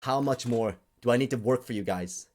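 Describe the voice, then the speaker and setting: A man's voice: medium pitch, a little fast, darkish tone. A man delivering a sarcastic, exasperated rant in a video monologue. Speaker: crypto commentator.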